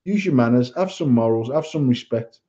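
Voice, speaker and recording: A man's voice: medium pitch, animated, fairly quick, dark tone. A man co-hosting a podcast, ranting bluntly in casual chat and swearing a lot. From England. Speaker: podcast co-host. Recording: dull lo-fi sound.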